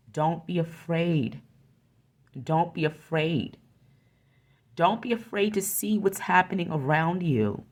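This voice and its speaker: A woman with a notably deep, low-pitched voice talks through an oracle card reading into a close microphone. She is earnest and encouraging, and she often circles back to repeat her phrases. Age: adult with a young son.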